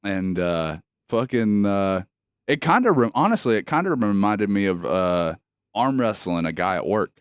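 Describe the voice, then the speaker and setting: A man's voice: lowish voice, sing-song, normal speed, clean tone, dry recording, studio quality. Profane, laughing man in his thirties. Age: 30s. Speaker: podcast co-host. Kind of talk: casual chat.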